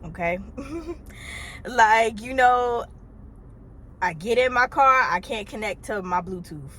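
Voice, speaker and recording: A woman in her thirties, originally from Trinidad, telling a casual storytime vlog from her car in an animated, chatty way with exasperated asides. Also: fairly high pitch, slow pace. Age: 30s. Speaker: vlogger. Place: parked car.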